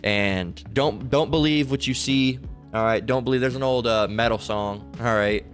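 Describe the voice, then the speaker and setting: This man's voice sits at medium pitch and moves at a normal speed, with faint music playing behind him. He's a religious commentator giving casual, meandering spoken commentary, checking in with "all right?" as he goes.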